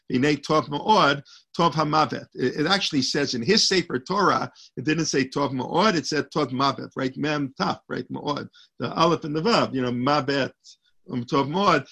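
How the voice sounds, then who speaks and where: A man's voice: medium pitch, gravelly, a bit bright, husky. A man teaching a Torah class as a rabbi, talking in a loose, rambling way and quoting Hebrew texts.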